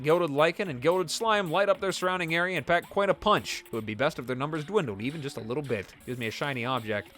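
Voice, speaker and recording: Animated, jokey man narrating gameplay. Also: fairly high pitch. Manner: animated, self-deprecating and jokey. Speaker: let's play host. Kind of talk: casual gameplay commentary.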